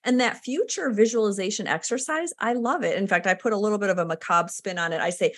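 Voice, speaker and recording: A woman hosting a conversational podcast, enthusiastic and affirming. She speaks with emphasis and a middling pitch. She often circles back to praise what her guest says. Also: fast talker. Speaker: podcast host and mentor to health practitioners. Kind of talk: conversational interview.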